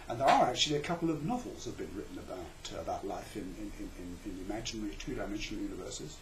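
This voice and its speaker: A man's voice: medium pitch, reverberant, slight background noise, poor audio. A man giving a rambling, comic lecture, chatty and full of self-interruptions.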